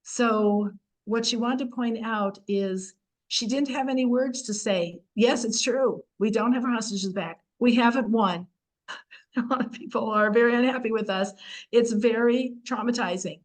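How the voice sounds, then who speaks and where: A woman's voice: on the high side, measured pace, low-quality recording. Woman giving an earnest, chatty Torah lesson. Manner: conversational storytelling, earnest, many fillers and restarts. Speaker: Torah teacher and host. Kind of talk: informal weekly Torah lesson.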